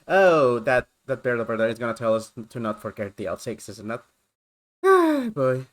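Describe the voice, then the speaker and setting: A woman's voice: a bass voice, big pitch swings, normal speed, bright, forceful tone. A woman streamer giving casual, chatty playthrough commentary, talking to herself and to chat.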